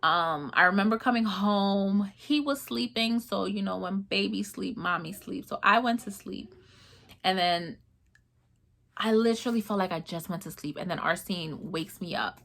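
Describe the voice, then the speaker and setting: A woman's voice: medium pitch, moderate pace, creaky. A young woman casually telling the story of her son's hospital stay, acting out the back-and-forth of each conversation. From New York, USA. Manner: animated retelling, acting out dialogue.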